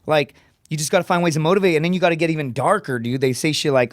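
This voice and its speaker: A man telling blunt, profane stories on a podcast, peppering them with "dude" and "right?" and acting out other people's voices. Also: no echo. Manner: profane, rapid storytelling with frequent "dude" and "right?"; acts out quoted voices with raised pitch. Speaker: podcast guest, comedian. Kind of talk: casual podcast storytelling.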